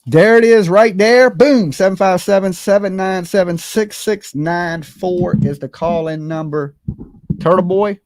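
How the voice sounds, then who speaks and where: A livestream host giving animated, blunt and profane commentary, talking straight to the chat and opening call-in lines. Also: medium pitch, measured pace, no echo, studio quality. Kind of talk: live-stream commentary with call-ins.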